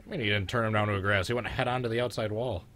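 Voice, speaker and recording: A man's voice: lowish voice, fairly even intonation, racing, a bit bright. A man hosting a live race reaction with friends, congested and sick, his voice cracking, chatty and teasing as he rambles through old races. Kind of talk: casual live commentary with friends.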